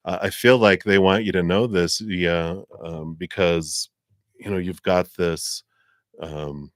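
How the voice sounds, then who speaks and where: A man's voice: sits low, fairly even intonation, slow, no echo, studio quality. A man giving a live tarot and astrology reading in a rambling, conversational way with many fillers. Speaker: tarot reader.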